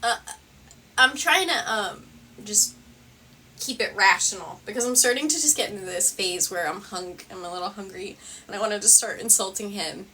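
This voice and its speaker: A woman's voice: medium pitch, bright, forceful tone, distant mic, slight background noise. A woman hosting a reaction commentary video, sarcastic and rambling, swearing often.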